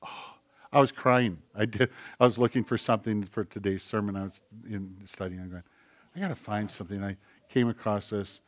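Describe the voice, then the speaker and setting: A male pastor preaching a sermon, moving between loud, emphatic repetition and soft, intimate storytelling. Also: lowish voice, fairly even intonation, fairly quick, dry recording. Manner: conversational, tells anecdotes with acted-out quotes.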